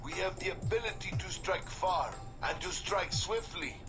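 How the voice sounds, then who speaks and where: A grandiose terrorist leader. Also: male voice, high-pitched, normal speed. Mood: menacing. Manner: solemn, grandiose proclamations with a put-on foreign accent. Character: menacing male terrorist leader giving a broadcast threat. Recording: game audio with music behind.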